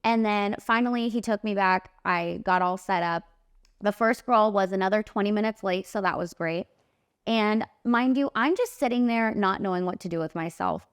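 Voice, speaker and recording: Smooth-voiced young woman telling a story. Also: medium pitch, normal speed, dry recording, clean studio sound. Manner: animated, emphatic storytelling with lots of "like" and "literally". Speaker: podcast host and makeup artist. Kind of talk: casual storytelling monologue.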